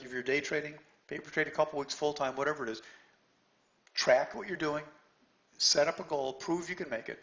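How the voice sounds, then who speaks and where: A man's voice: on the high side, fairly bright tone, low-quality recording. A middle-aged man teaching a trading seminar in a blunt, scolding way, firing rhetorical questions at his students. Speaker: trading instructor. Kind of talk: seminar lecture.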